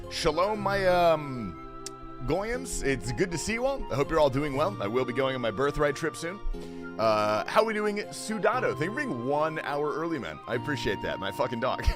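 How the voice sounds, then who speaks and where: Man, livestream host, casual joking banter, lively swooping pitch, quiet mutters and sudden yells, faint music behind. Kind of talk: casual livestream chat greeting viewers. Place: home, keeping quiet while others sleep.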